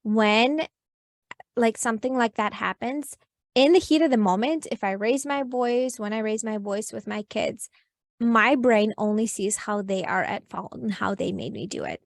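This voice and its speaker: Woman, stress coach guest, earnest explaining, fairly high voice, dry close sound. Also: moderate pace, vocal fry, no echo. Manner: earnest, explanatory, frequent "like" and "you know". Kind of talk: podcast interview advice.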